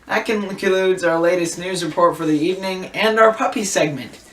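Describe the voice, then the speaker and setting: Male mock anchor, high voice, announcer hand-offs, roomy echo. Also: normal speed, fairly bright tone, recorded from a distance, a little hiss or hum. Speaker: news anchor.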